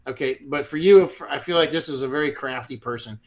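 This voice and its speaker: A man's voice: mid-range voice, quick pace. A man doing a chatty, laid-back tarot reading on a live stream, with frequent restarts. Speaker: tarot reader.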